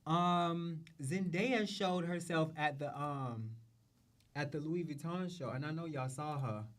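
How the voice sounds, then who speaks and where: A man's voice: on the high side, measured pace, a bit bright. A man hosting a show, talking casually and profanely about runway looks, repeating phrases and trailing off. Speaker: show host. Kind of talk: casual fashion commentary.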